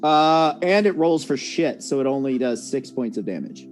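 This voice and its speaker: A man running a tabletop game as dungeon master, casual and full of fillers, quick to laugh. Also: medium pitch, lively intonation, soft background music.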